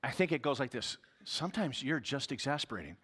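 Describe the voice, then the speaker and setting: A man's voice: medium pitch, very animated, brisk, a bit bright, slightly rough, long reverb tail. A male pastor giving a sermon in an earnest, conversational way.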